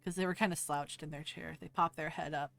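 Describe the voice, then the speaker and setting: A woman running a tabletop game as game master, playful and quick to laugh. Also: low-pitched, steady tone, vocal fry, a bit bright. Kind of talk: narrating a tabletop game on a livestream.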